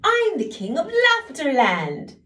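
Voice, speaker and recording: Woman voicing a self-pitying sobbing king, pitched high, slow wail, distant from the mic. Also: very animated, reverberant, full character voice. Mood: giggly. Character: weepy self-pitying male king, wailing.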